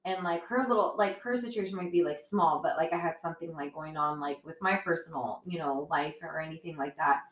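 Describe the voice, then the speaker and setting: A woman's voice: low-pitched, a little fast, few pauses. A woman co-hosting a podcast in casual chat, rambling with lots of fillers and casual swearing. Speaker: podcast co-host. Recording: echoey room.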